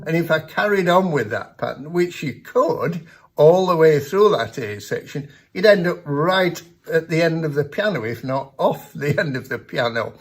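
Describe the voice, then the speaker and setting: A man giving a piano lesson, explaining technique in a measured, patient way. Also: a little high, lively intonation. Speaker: piano teacher. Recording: piano playing heard in the background.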